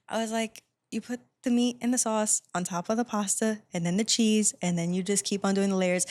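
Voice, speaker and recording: A woman hosting a podcast, telling a story in a chatty, animated way, with plenty of "like" fillers. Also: medium pitch, fast. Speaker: podcast host. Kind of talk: casual podcast chat.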